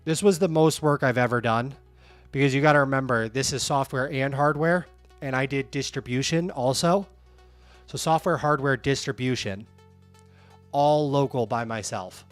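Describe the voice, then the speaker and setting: A man hosts his own livestream in a relaxed, candid way, talking straight to viewers and reading their comments aloud. His voice sits in an ordinary middle pitch. Soft music runs faintly in the background. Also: normal speed. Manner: candid, animated, reads chat comments aloud. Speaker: livestream host. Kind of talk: casual livestream chat.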